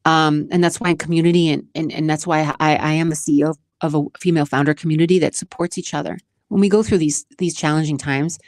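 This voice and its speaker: A show host and community founder from Massachusetts, USA, answers questions in a casual vlog, her low, darkish voice fast with fairly even intonation and few pauses. She's chatty and emotional, laughs often and restarts a lot. The studio sound is clean, with no room sound.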